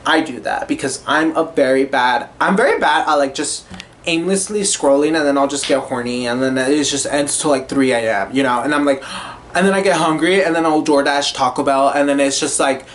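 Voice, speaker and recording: A man's voice: medium pitch, moderate pace. A young man hosting a casual, rambling, self-reflective monologue with frequent swearing. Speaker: podcast host.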